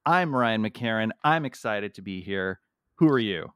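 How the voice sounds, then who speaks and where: A man's voice: lowish voice, animated, measured pace, a bit bright, clean tone, no echo, clean studio sound. A man co-hosting a podcast in casual chat, joking around and restarting his sentences as he goes. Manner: jokey, rambling with restarts. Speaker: podcast co-host. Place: at home in the US. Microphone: remote call recording.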